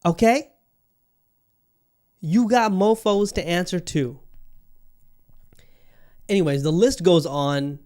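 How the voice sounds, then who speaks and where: A man hosting a solo podcast in casual chat, ranting in animated disbelief and swearing freely. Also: sits high, takes it slowly, long pauses. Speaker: podcast host. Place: Bangkok, Thailand.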